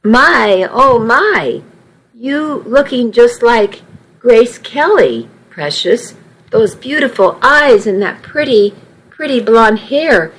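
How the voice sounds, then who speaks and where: A woman's voice: a little high, animated, slow, slightly rough, voice pushed up, full character voice. A woman voicing an elderly grandmother in a nursing home, doting and feisty, with a teasing, affectionate drawl.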